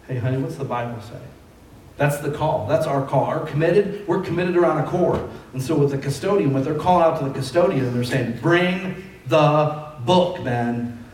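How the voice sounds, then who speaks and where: A man preaches a sermon, chatty and storytelling, then rising to emphatic calls. His voice sits a little high. He is heard from a distance in a very echoey church hall, with faint noise behind him. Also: darkish tone. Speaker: pastor.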